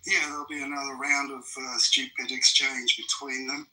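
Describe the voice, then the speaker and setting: A man's voice: mid-range voice, little pitch movement, moderate pace, pushed and bright, rough recording. A man, ranting in fury and swearing hard during a heated live debate. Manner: furious, profane ranting. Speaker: debate participant.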